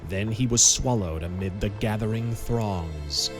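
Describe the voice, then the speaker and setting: A man narrating a pulp audiobook in a measured, dramatic storytelling manner. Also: fairly low pitch, over loud music.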